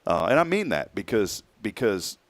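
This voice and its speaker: Brief: man, 40s, lowish voice, dry close sound, animated storyteller who slips into quoted voices. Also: moderate pace, no echo. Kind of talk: casual personal story on a talk show.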